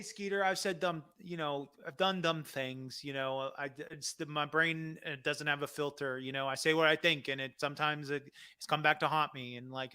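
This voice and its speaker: A male comedy host reads out viewer questions and rambles in a casual, self-deprecating way, full of fillers. His voice is somewhat high and very bright and sharp. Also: clean tone. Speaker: comedy wrestling show host.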